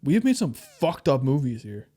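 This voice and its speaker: A young man with a Danish accent co-hosting a podcast, easygoing and quick to agree with his friend. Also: medium pitch, big pitch swings, warm tone. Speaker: podcast co-host. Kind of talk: casual chat.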